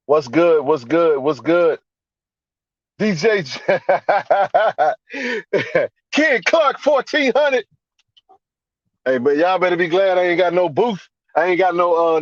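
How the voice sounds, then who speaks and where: A man hosting a live sports reaction stream, ranting in a fired-up, profane way and repeating himself for emphasis. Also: no echo. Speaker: podcast host. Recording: dry, dull low-fi sound.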